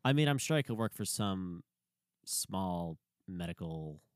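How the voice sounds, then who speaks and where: A young man, a college student, chatting casually and ranting in an animated way that gets sharp when he is worked up. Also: low-pitched, a little slow, no room sound, clean studio sound. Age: young adult. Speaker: pre-med college student. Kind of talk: casual chat.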